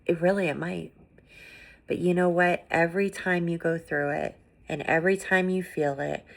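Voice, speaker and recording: A middle-aged woman with a low voice hosts a gentle, encouraging podcast monologue. She talks earnestly and casually, leaning on "you know" and "like" as she goes. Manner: earnest, conversational, many fillers like "you know" and "like". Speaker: podcast host.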